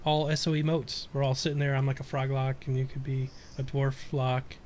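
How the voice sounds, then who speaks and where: A man's voice: mid-range voice, level tone, brisk, a little mellow, slight background noise. A man chatting as a podcast host, enthusiastic and playful. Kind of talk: casual chat.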